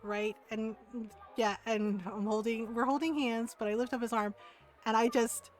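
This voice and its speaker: A woman with a fairly high voice chats as a streamer, spinning a home story in a loose, animated way. She laughs often and leans on fillers and tag questions. Faint music plays behind her. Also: normal speed. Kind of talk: casual storytelling chat.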